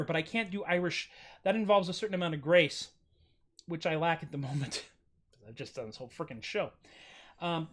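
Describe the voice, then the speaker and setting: An American man hosting a casual livestream from home, chatty and self-mocking, with goofy jumps up in pitch on his jokes. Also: fairly bright tone. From United States. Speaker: streaming musician host.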